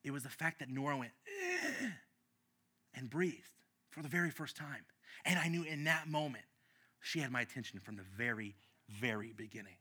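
Bright-voiced, impassioned man preaching. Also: medium pitch, fairly quick, breathy edge. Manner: impassioned, swings from shouting to hushed, many restarts. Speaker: pastor. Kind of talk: sermon with personal storytelling.

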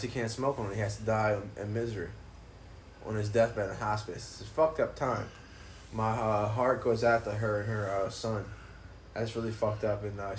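Male podcast host, loose rambling talker, light background hiss. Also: on the low side. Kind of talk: casual podcast chat. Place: apartment room.

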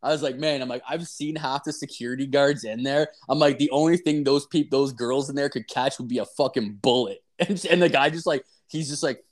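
A man's voice: mid-range voice, fairly quick, hardly any pauses. Profane rambling man telling stories. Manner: profane, rambling, heavy use of "like" fillers. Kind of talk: casual storytelling chat.

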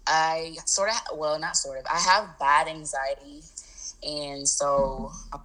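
A young woman with a low voice speaks candidly in a casual interview, trailing into fillers and breaking into laughs. Her tone is bright and forward, with a quick, easy flow. She sounds like a college student athlete talking openly. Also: fairly even intonation, rough recording. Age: 20s.

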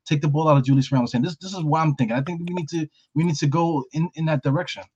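Man, sports show host, casual chat, swears a lot, fairly high voice, muffled lo-fi sound. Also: very fast, breathy edge. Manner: animated, repeats words, swears freely. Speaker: podcast host.

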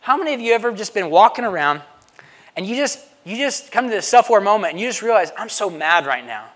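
A man's voice: high-pitched, expressive, fast. A male pastor preaching a sermon in a conversational way, often checking in with the congregation by asking "right?". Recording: long reverb of a large hall.

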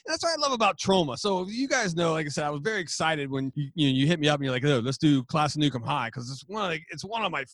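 An excitable man, chatting as a podcast guest, swearing freely and laughing often. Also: on the high side, fast, few pauses, no echo. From West Virginia, USA. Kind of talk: casual chat.

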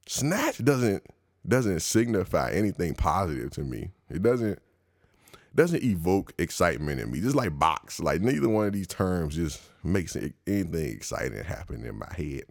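A man's voice: deep voice, big pitch swings, moderate pace, no echo, studio quality. A male podcast host in a slangy, profane comedic monologue, laughing at his own riffs.

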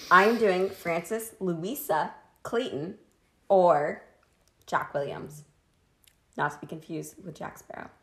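Woman co-host, lowish gravelly voice, crude jokey storyteller, a bit tipsy, echoey room. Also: takes it slowly, long pauses. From Washington state, US. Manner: crude, jokey, laughs often. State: tipsy from wine. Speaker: podcast co-host telling a history story. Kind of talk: casual chat.

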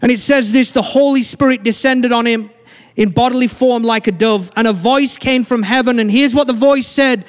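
A man preaching a sermon as pastor, earnest and slowing down to stress key lines. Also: extremely high pitch. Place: church sanctuary. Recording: long church hall reverb.

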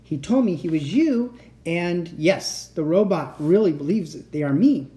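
A woman voicing an unstable male inventor uncle in a storybook reading, excitable and pleading, turning soft and menacing. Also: fairly low pitch, measured pace, pitched above the performer's own voice. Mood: troubled. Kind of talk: storybook read-aloud.

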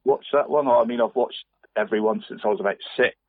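A Cornish man co-hosts a casual football podcast, talking fast in a mid-range voice over a dry, tinny, phone-like line with no echo. He rambles, restarts his sentences and says "mate" constantly.

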